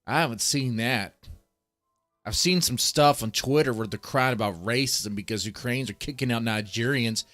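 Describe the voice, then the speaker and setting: A man with a mid-range, fairly bright voice speaks at normal speed while reacting to a video on a live stream. He greets chatters and rants, mocking and swearing heavily in casual commentary, with soft music in the background.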